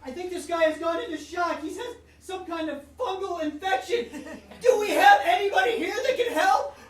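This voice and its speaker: A woman's voice: very high-pitched, normal speed. A woman playing a chatty young woman. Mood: alarmed. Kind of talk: live improv comedy. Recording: echoey live stage, distant mic.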